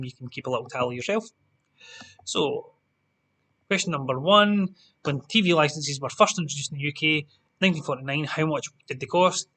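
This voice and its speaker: A man's voice: fairly high pitch, pushed and bright. A Scottish man hosting an online pub quiz, reading out answers with chatty, jokey asides to the players. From Scotland.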